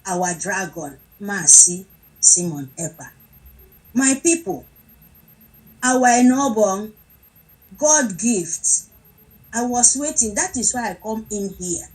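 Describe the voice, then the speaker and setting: A woman's voice: medium pitch, animated, takes it slowly, pauses often, rough recording. A woman from Nigeria taking part in an online group audio chat, effusively greeting people one by one. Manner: effusive, greets many by name. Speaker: participant in an online audio space.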